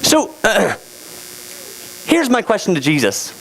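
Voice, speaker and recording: A man's voice: high-pitched, takes it slowly, gravelly, noisy background. A man leading a playful, interactive Bible lesson with volunteers, speaking into a handheld microphone. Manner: playful, animated, laughing teacher directing a skit. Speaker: youth teacher.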